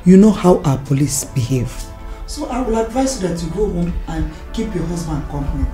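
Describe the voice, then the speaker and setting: A woman's voice: fairly low pitch, lively intonation, brisk, mellow, faint music behind, natural voice. An actress playing a firm, dismissive woman friend.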